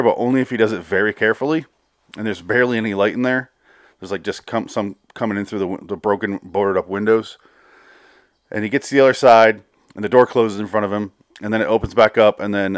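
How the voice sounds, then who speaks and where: Rambling through a TV episode recap, a podcast host laughs, swears freely, and quotes characters in quick bursts. His pitch is fairly low, and the clean studio sound carries no room ambience.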